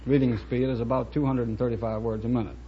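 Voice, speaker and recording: A man's voice: medium pitch, little pitch movement, fast. Man from virginia, clipped careful answers, lo-fi vintage tv sound, light hiss. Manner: terse, careful, dry answers. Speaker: quiz show contestant. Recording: dull lo-fi archival broadcast with hiss.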